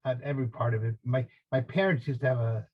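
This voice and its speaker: A man's voice: medium pitch, steady tone, fast talker, slightly rough, dull audio. An older man from New Jersey with a New Jersey accent, chatting casually as a guest and telling jokey stories with stammered restarts. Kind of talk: casual chat.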